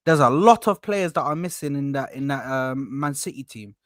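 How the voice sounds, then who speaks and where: A young man hosting a casual football podcast, rambling and animated, swearing freely. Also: mid-range voice, normal speed, no room sound, clean studio sound. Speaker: podcast host.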